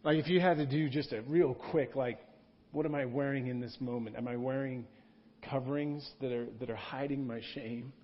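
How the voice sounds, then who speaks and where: A man's voice: medium pitch, fairly even intonation, normal speed. A man, a pastor, preaching a sermon in a church room in a conversational style, repeating key words for emphasis. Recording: dull lo-fi sound.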